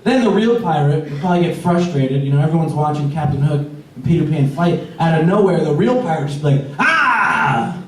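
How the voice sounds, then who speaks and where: Man, stand-up comedian, rambling conversational delivery, higher voice, echoey club, distant mic. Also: fast, mellow. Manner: rambling, conversational, many likes and uhs.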